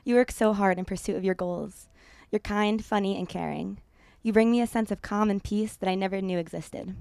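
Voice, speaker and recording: Young American bride reading her vows, gravelly and teary, close dry mic. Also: medium pitch, fairly even intonation, moderate pace, a little mellow, dry recording. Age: young adult. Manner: tender, emotional reading.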